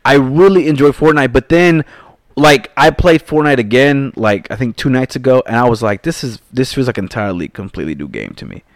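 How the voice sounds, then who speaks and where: Male gaming podcast co-host, lively and excitable, swooping pitch, dry close mic. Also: a little fast, dry recording. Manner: excitable, animated swings in pitch, stumbling restarts. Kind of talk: casual gaming podcast chat.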